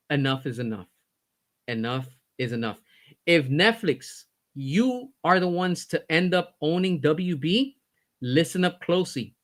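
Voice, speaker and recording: A man with a somewhat high voice delivers a heated, blunt rant. He swears freely and repeats phrases to drive his point home. His fed-up tone stays intense throughout. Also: a bit bright. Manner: fired-up, blunt, swearing, repeats himself for emphasis. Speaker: commentary host.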